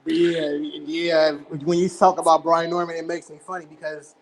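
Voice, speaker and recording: A man's voice: a little high, little pitch movement, moderate pace, poor audio. A man from California, a guest on a boxing chat stream, ranting and mocking in a casual way. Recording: faint background noise.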